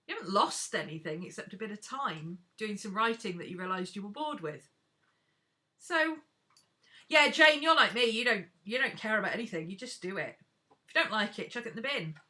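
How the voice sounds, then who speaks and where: A woman talks casually through a live crafting stream, frank and chatty as she addresses her viewers directly. Her voice is bright and forward, pitched around the middle for a woman.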